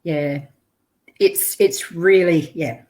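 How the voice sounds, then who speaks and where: Woman, interview host, sympathetic, low voice, unhurried, video call. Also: darkish tone. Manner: sympathetic, with frequent murmured agreement.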